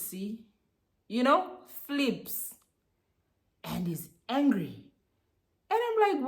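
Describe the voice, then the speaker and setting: A young woman telling a story to her viewers in a casual, animated way, switching between languages and often calling out to them. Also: mid-range voice. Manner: animated, code-switching, addresses viewers as guys.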